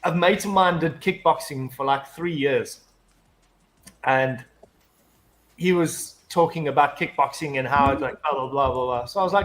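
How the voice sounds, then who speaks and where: Animated man telling a rambling story. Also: a little high, moderate pace. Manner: rambling storyteller, heavy swearing, frequent restarts. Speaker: guest. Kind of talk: casual chat, telling an anecdote.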